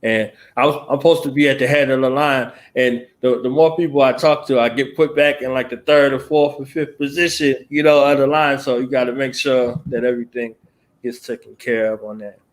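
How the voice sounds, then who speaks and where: A man hosting a radio talk show, chatting in a laid-back, slang-heavy way and telling animated stories. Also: brisk. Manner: animated storyteller who mimics callers in a higher, louder voice. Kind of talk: casual chat.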